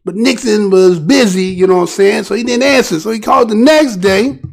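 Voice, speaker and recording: A man's voice: high voice, fairly quick, vocal fry. An American man hosting his own channel, giving rambling, conversational news commentary and often checking in with "right?". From United States. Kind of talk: casual spoken news commentary.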